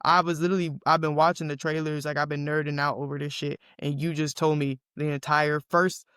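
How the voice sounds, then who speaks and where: A woman from the Southern United States, co-hosting a podcast and telling stories in an animated, profane, chatty way. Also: low-pitched, brisk, smooth, dry recording, clean studio sound. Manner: self-described yapper, animated and profane storytelling. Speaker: podcast co-host. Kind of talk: casual chat.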